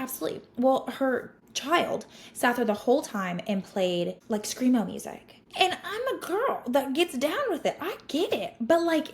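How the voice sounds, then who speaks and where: A woman tells a story casually to her listeners. She sounds animated and exasperated, filling her talk with "like" as she hosts her podcast. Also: fairly high pitch. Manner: animated, exasperated retelling with lots of "like". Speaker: podcast host, esthetician.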